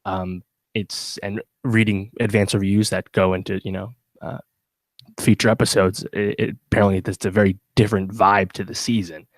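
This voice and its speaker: A man's voice: lowish voice, level tone, moderate pace, no echo. A man co-hosting a podcast, chatting casually through a TV review with plenty of fillers and restarts. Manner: rambling, many fillers and restarts. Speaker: podcast co-host.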